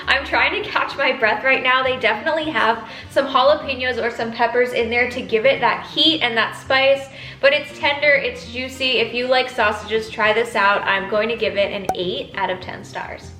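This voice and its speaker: A young woman hosting an upbeat food review vlog. Her voice sits a little high, and she sounds eager as she stops to taste things. It is recorded in an echoey room with faint music underneath. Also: normal speed, hardly any pauses, bright, forceful tone. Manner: enthusiastic, tasting food between lines. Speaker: food vlogger.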